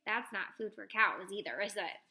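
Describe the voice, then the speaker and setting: A woman teacher reading a picture book aloud to children, expressive and pausing to ask them questions. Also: medium pitch.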